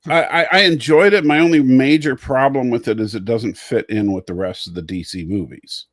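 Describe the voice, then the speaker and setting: A man's voice: medium pitch, normal speed, dry recording. A man hosting a casual livestream chat, rambling, repeating words and reading out viewer comments. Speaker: show host.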